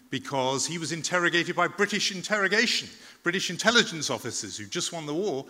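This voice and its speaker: A man speaks to an audience with a bright, forward voice, recounting events in a measured, reflective way. He often stops on a filler and picks his words again. His voice rings out with a long reverb from a large hall. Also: fairly high pitch, lively intonation. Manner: measured, reflective, with frequent "uh" restarts. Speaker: journalist giving a talk. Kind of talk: public talk, storytelling.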